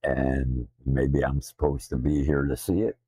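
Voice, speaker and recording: A man with a Southern drawl, a streamer talking casually in a blunt, profane, self-deprecating way, his deep voice slightly slurred from missing teeth. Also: level tone, measured pace, warm tone, slightly rough. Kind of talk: casual rambling stream talk. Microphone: desktop streaming mic.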